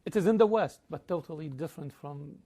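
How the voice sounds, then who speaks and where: A man interviewing a guest, asking measured, deliberate questions and giving short replies of approval. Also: a little high, dark tone.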